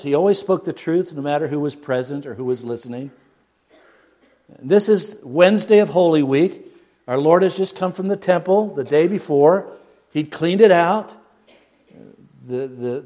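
A man preaching a sermon, dropping to near a hush and then rising loud. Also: on the high side. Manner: dramatic swings from hushed to loud, mocks a pompous prayer voice.

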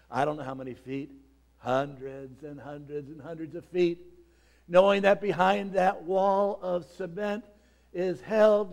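A man delivers a sermon, reading scripture aloud and explaining it, his voice sinking low and quiet before rising to dramatic shouted peaks.

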